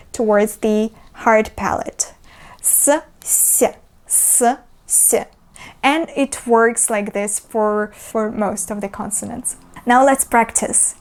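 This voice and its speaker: A woman teaching pronunciation. She explains patiently, fills pauses with "uh" and repeats the example sounds. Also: fairly high pitch. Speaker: language teacher. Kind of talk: pronunciation lesson.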